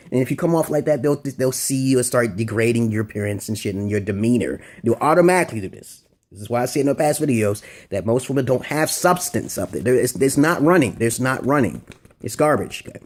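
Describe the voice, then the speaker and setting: A man's voice: mid-range voice, lively intonation, brisk, darkish tone. A man vlogging crude dating advice in a rambling, unscripted monologue, bluntly checking in with "okay?".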